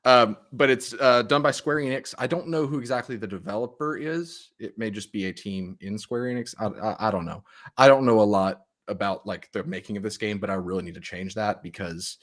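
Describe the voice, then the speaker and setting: A man's voice: fairly low pitch, a little fast, fairly bright tone. A man co-hosting a podcast in casual chat, rambling through stories and laughing mid-sentence. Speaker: podcast co-host.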